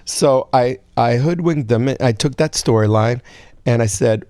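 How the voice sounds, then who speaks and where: Mellow-voiced man spinning an animated story. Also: a little slow, no echo, studio quality. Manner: animated storyteller, acts out quotes in a high voice. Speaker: guest songwriter. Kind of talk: storytelling interview.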